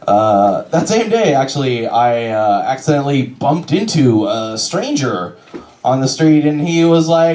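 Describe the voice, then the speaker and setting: A man performing a stand-up comedy set in a small club, deadpan, acting out characters in quick bits. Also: mid-range voice. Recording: roomy club sound. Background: audience laughter.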